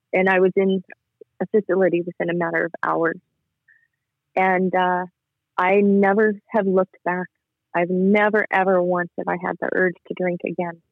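Guest caller, male, earnest and emotional, flat delivery, phone-line sound. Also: sits high, creaky, no echo. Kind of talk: personal testimony.

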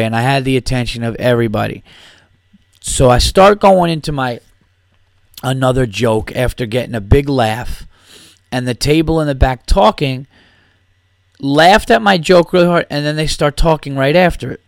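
A man's voice: mid-range voice, normal speed, gravelly, no echo, studio quality. A male comedian and podcast host telling a story in a casual, profane and exasperated rant.

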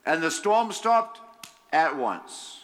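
Slow, bright-toned male preacher; emphatic, chuckling, reads scripture then comments. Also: fairly high pitch, big pitch swings. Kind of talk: sermon reading scripture with commentary.

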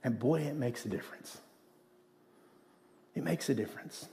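A man's voice: medium pitch, normal speed, vocal fry, background noise. A man preaching a sermon as pastor, speaking in an earnest, conversational way with rhetorical asides. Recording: long hall reverb.

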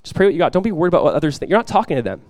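A man's voice: fairly high pitch, sing-song, racing, a little mellow, no echo. A young adult male pastor giving a conversational sermon, joking and acting out little quotes.

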